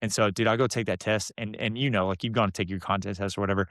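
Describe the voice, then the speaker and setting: A man's voice: fairly low pitch, fast, dry recording, clean studio sound. A young man telling a long story as a podcast guest, acting out the people in it. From Texas. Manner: animated, mimics the people in his stories. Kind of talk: casual storytelling.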